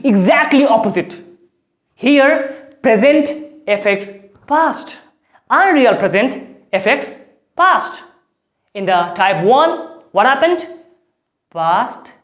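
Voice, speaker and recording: A man with an Indian English accent and a Bengali mother tongue teaches English grammar at an unhurried pace. His delivery is expressive, swinging from loud stressed words to soft, quiet asides. The sound is roomy, with a clear echo. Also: sits high. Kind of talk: spoken English grammar lesson.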